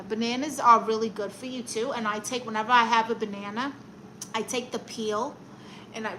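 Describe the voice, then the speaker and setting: A woman with a Brooklyn accent hosts a casual live stream against a noisy background, her voice mid-range. She reads chat comments aloud and roasts her viewers with sassy, playful humor.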